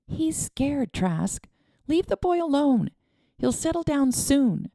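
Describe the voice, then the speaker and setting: A woman voicing a firm yet gentle woman who tries to calm a crying boy in a wagon. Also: high-pitched, slow, creaky, no echo, studio quality, voice pushed up, heavily acted. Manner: firm, motherly.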